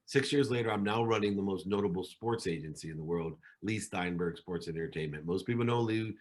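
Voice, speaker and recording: Middle-aged male guest, low voice, animated storyteller who acts out quotes. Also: fairly quick. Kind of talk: storytelling in a podcast interview.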